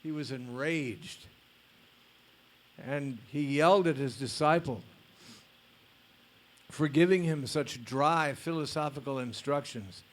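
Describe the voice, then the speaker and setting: During a lecture, a male spiritual teacher reads a story aloud, speaking slowly and deliberately. His voice sits a little high for a man, and he occasionally tosses in a blunt, casual aside.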